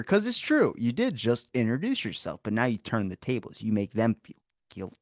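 A man in his twenties, an animated podcast guest who swears freely and tells rambling stories in a casual chat. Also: medium pitch, a little fast, no echo, studio quality.

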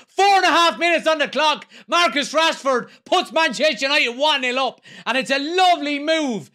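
Male fan, very high, bright voice, commentary-style reaction. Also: moderate pace. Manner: enthusiastic, commentary-like, swears. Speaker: football fan. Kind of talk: live match reaction.

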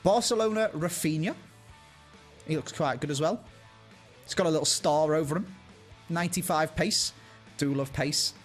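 A man's voice: on the high side, normal speed, long pauses, faint music behind. A man, a guest on a football video game chat, teasing in a dry way. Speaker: guest player. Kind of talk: casual gaming chat.

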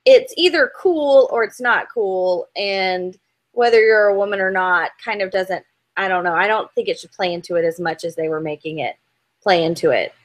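A woman's voice: mid-range voice, normal speed. A woman co-hosting a podcast, chatting casually and hedging her opinions with fillers. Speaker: podcast co-host.

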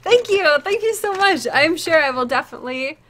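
A woman's voice: very high-pitched, lively intonation, a little fast, a bit bright. A woman streaming live to her viewers, gushing and tearful as she opens a gift, exclaiming often. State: tearful, close to crying.

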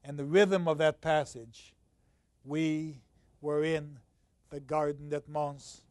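Older male professor, somewhat high voice, dry close mic; emphatic lecturing, reads passages in slow rhythm. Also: little pitch movement, no room sound. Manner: swings from loud emphatic stresses to low quiet asides. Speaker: literature professor. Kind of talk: university lecture.

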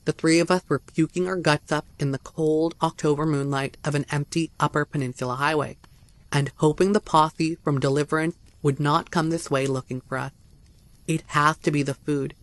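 Man, horror story narrator, slightly higher voice, dry close sound, tense delivery. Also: steady tone, fairly quick, no echo. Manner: first-person storytelling, tense and dramatic.

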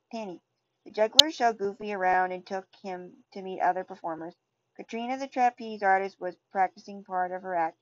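A woman reading a storybook aloud, halting and restarting over words. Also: medium pitch, fairly bright tone. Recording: dull lo-fi recording.

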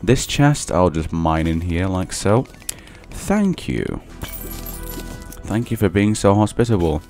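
A man's voice: deep voice, big pitch swings, slow, darkish tone, soft background music. A young man casually commentating his own gameplay, playfully talking to the creatures he meets. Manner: playful, talks to game enemies in a teasing voice. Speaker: gaming channel host. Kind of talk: casual let's play commentary.

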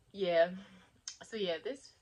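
A woman's voice: mid-range voice, a little mellow, slight background noise. A young woman vlogging to camera in casual, rambling chat, laughing often and talking with lots of fillers.

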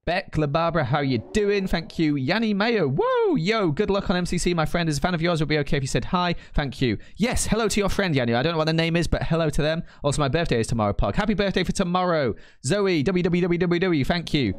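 A northern English man in his late twenties chats away on a live stream in a rambling, easygoing way. His pitch swings up and down a lot as he reads chat and laughs between thoughts. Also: big pitch swings, dry recording. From northern England. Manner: chatty, rambling, quick to laugh. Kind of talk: casual live-stream chat, reading chat aloud.

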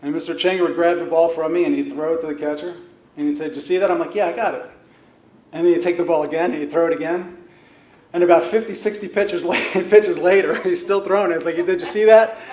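A man's voice: a little high, fairly even intonation, quick pace, darkish tone. A middle-aged man giving a chatty, self-deprecating banquet acceptance speech as a hall of fame inductee, laughing at his own stories. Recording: roomy hall with faint noise.

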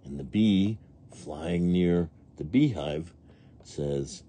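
A read-along narrator with a deep, warm, breathy voice reads a picture book to young children very slowly. He playfully imitates animal and machine noises and asks his little listeners questions.

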